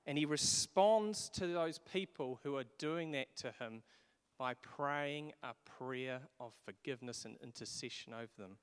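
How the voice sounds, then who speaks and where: A man delivering a sermon as pastor, earnest, with occasional pauses and rising emphatic peaks. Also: medium pitch, clear, resonant tone. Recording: long hall reverb.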